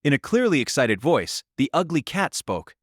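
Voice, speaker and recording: A man narrating a light novel audiobook in an expressive storytelling manner. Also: on the high side, moderate pace, no room sound, studio quality.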